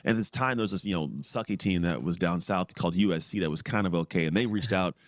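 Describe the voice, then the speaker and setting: Fast-talking low-voiced man telling stories. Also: dry recording. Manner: animated, acts out quoted voices, laughs often. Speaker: podcast guest, former pro football player. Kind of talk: storytelling in casual interview.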